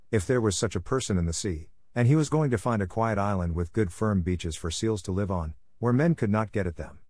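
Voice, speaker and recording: A man reading a classic story aloud as narration, in a measured, clear way for listeners learning English. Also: fairly low pitch, a little mellow, dry recording, studio quality. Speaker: audiobook reader.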